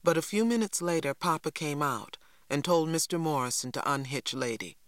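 A man narrating an audiobook in an even, measured way, close to the mic. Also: a little high, dry recording. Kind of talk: scripted narration.

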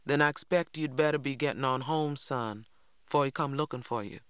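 A man voicing a calm, stern father who speaks in a measured way with a Southern accent. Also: medium pitch, clear, resonant tone, no echo, clean studio sound, lightly acted. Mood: grave. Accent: Southern American.

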